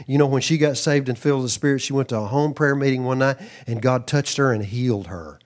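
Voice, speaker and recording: A middle-aged man from Texas preaches with energy, his voice rising and dropping as he tells stories. He jumps into quick asides and acts out the voices of people in his stories. His voice sits at an ordinary pitch for a man. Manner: animated, acts out quoted voices, breaks into asides. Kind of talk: sermon.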